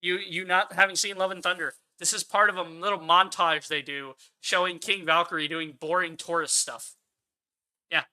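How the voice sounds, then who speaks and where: A man's voice: sits high, steady tone, normal speed, sharp tone, smooth. A man hosting his own channel, giving a profane, exasperated rant of movie commentary. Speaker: channel host.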